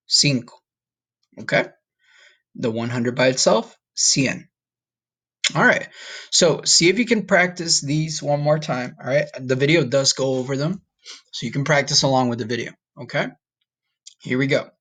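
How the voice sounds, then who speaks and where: A man teaching a recorded Spanish lesson to students, encouraging and casual, slowing down to model each word. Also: mid-range voice, a bit bright. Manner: encouraging, talks straight to students, repeats words slowly to model pronunciation.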